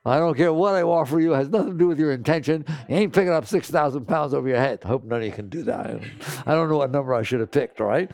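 Gravelly man teaching emphatically. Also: on the high side, fast talker, a little mellow, dry recording, studio quality. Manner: emphatic, rhetorical, keeps checking in with "right?"; tells stories and acts out other people's lines. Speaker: spiritual teacher. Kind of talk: spoken teaching talk to an audience.

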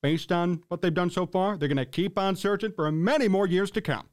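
A man's voice: high voice, a little fast, darkish tone. A man hosting a sports talk show, ranting in an exasperated, sarcastic way and reading out chat comments.

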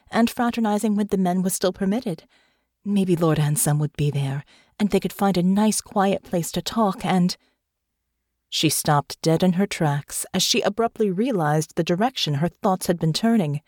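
A woman with a mid-range voice narrates an audiobook from a script, telling the story in an expressive, measured way. The recording is studio quality, with no room sound.

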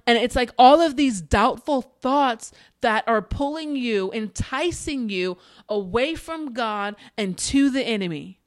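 A woman's voice: on the high side, lively intonation, no room sound, studio quality. A woman hosting a faith podcast, talking earnestly to encourage her listeners, repeating phrases for emphasis and dropping in casual asides. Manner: conversational with fillers and quick asides. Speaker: podcast host. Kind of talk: faith-based encouragement monologue.

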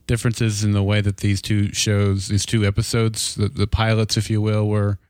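Man, low voice, dry close mic, hesitant, repeats words, casual podcast talk. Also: monotone, normal speed, darkish tone, no echo. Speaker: podcast co-host. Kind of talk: casual TV discussion.

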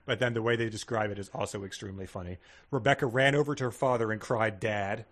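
A man's voice: fairly low pitch, fairly even intonation, fast talker, a bit bright. Wry male podcast co-host. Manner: wry, sarcastic commentary. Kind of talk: casual comedic book discussion.

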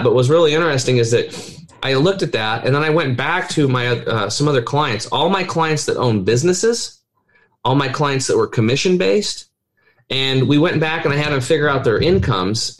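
A middle-aged man, a health coach, talking in a casual podcast interview with animated, persuasive storytelling. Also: medium pitch.

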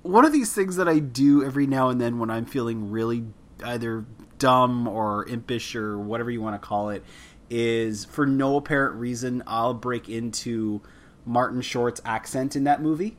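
A man's voice: medium pitch, moderate pace. A man hosting a film podcast, chatting casually with a guest in a rambling, self-deprecating way with frequent restarts. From Canada. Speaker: podcast host. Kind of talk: casual interview chat.

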